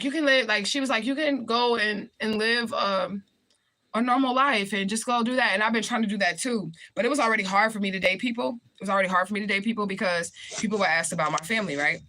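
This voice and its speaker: A woman's voice: on the low side, bright, forceful tone. A woman chatting casually on her livestream, reading viewer comments aloud and answering them in a blunt, profane way. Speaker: livestream host.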